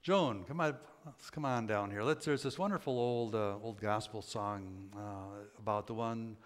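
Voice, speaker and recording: A man's voice: lowish voice, unhurried. An older man preaching a sermon as pastor, in a folksy, conversational storytelling manner with many fillers. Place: church sanctuary. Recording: church sanctuary with long reverb.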